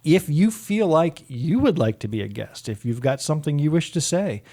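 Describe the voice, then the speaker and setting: A man's voice: on the high side, expressive, moderate pace, mellow. A man co-hosting a podcast, leading a casual chat with jokes and enthusiasm. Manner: joking, enthusiastic, leads the talk. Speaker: podcast co-host.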